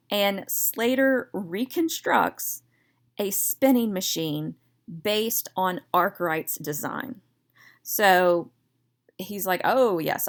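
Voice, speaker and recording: A woman history teacher giving a recorded lecture in a chatty, digressive way, with self-deprecating jokes. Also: mid-range voice.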